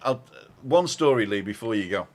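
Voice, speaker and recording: A man's voice: medium pitch, lively intonation, moderate pace. Chatty British man on a live stream. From Britain. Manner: chatty storyteller, reads viewer comments aloud. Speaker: co-host of a live show. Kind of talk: casual live-stream chat.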